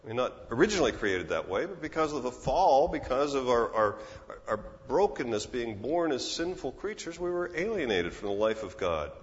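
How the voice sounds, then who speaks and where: Heard in a large hall with long reverb and muffled sound, a pastor in his sixties preaches earnestly and conversationally, often restarting phrases. His mid-range voice is sing-song, at normal speed with few pauses.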